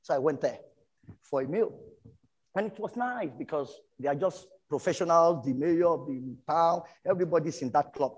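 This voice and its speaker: A middle-aged man from Nigeria with a Nigerian English accent, preaching a sermon and telling stories from his own life, animated and breaking into shouts. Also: a little high, normal speed, slightly rough, low-quality recording. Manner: animated storytelling, bursts into shouts. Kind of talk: sermon with personal testimony.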